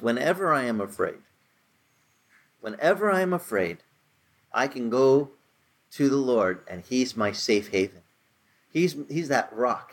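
A man in his sixties preaching a casual, conversational sermon, telling stories with rising emphasis. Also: medium pitch. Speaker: pastor.

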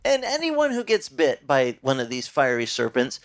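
God speaking casually and decisively, as a preacher puts him on. The delivery is relaxed but firm, swinging between low and lifted phrases. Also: male voice, moderate pace. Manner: matter-of-fact, casual.

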